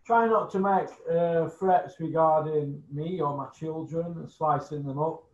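Jokey host, echoey. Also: male voice, fairly high pitch, steady tone, unhurried. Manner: jokey, chatty. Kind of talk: casual chat show. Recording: echoey dull room sound.

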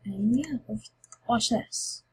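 A woman's voice: fairly high pitch, very slow, dark tone, slightly rough, rough recording. A woman YouTuber chatting casually and rambling through a game giveaway video. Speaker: Minecraft YouTuber.

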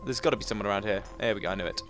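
A man giving chatty, excitable let's play commentary, talking to himself as he plays. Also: lowish voice, very fast, soft background music. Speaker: gaming commentator.

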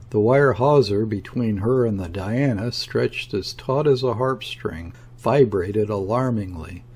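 A man narrating a classic novel as an audiobook, reading in a measured, deliberate way. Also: fairly low pitch, darkish tone, husky. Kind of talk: scripted narration.

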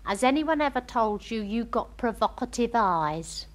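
A woman's voice: fairly high pitch, unhurried. A woman doing a smarmy, flowery young man. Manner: overly genteel, flattering phrasing.

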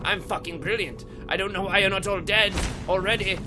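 A man giving rowdy, crude gameplay commentary, swearing and shouting at the game. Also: high voice, fairly even intonation, brisk, hardly any pauses, music in the background. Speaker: let's play gamer.

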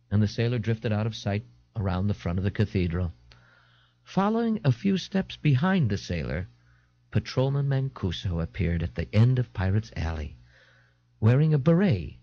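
Man narrating an audiobook with a lively lilt. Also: mid-range voice, moderate pace, no room sound. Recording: dull, dry 1989 tape recording.

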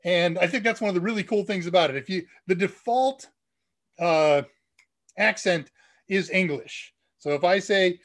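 A man's voice: high voice, normal speed, a bit bright. Chatty nasal man hosting a live Q&A. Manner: chatty, enthusiastic about tech. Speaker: live stream host. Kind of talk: casual live Q&A chat.

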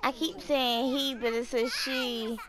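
A woman's voice: high voice, fairly even intonation, slow. A woman giving casual commentary while playing a life-sim game, chatting freely, swearing often and talking to her characters. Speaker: gaming channel host.

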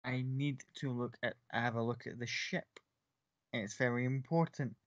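A man voicing an insistent doctor in a tabletop game, speaking slowly and firmly. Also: mid-range voice, steady tone, dry recording, highs cut off, close to an everyday voice. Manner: slow, firm and insistent. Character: insistent doctor set on fixing a ship.

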